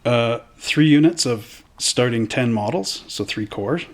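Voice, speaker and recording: A man's voice: mid-range voice, lively intonation, measured pace. A man hosting from a hobby shop, rambling through game rules in a casual, self-correcting way.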